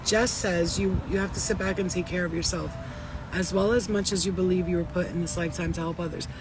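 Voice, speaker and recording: A woman vlogging casually about spirituality, chatty and repetitive, swearing now and then, with a voice roughened by coughing. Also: fairly low pitch, fairly even intonation, fairly quick, background noise. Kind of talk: casual spiritual talk to viewers.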